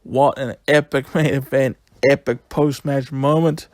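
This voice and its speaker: A man giving a casual, excitable solo review, retelling events in a rambling, chatty way. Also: medium pitch, measured pace, no room sound, studio quality.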